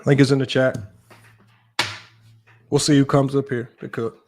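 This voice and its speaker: A man hosting a sports debate livestream, talking brashly and teasing his chat in quick casual commentary. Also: medium pitch, little pitch movement, darkish tone, slight background noise. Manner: brash, rapid, teasing, talks straight to chat. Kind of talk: casual live-stream commentary.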